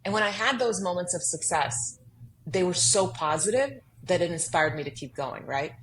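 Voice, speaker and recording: Woman on a podcast telling her story, low voice, really emphatic, bit of faint background hiss. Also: lively intonation, normal speed, fairly bright tone, poor audio. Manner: earnest, emphatic, acts out quoted inner voices. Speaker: guest author. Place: podcast studio.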